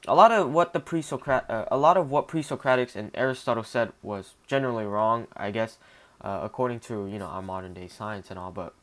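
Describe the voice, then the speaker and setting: A man's voice: on the low side, fairly quick. A young man giving a casual spoken book review, thinking aloud with fillers, restarts and frequent tag questions.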